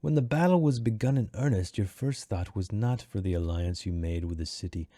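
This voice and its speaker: A man voicing a cautious high alchemist from a fantasy novel, speaking in a measured, careful way. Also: warm tone, dry recording, clean studio sound, close to an everyday voice.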